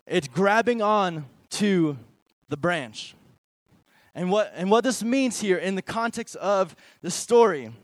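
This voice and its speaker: A young man preaching to middle schoolers as a junior high pastor, conversational and animated, swinging between loud emphasis and quiet asides. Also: no room sound.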